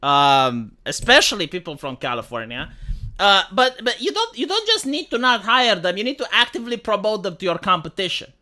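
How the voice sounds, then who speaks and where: A woman with a Montreal accent ranting profanely to her live-stream audience. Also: medium pitch. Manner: profane, exasperated, fast and animated. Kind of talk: casual live-stream rant.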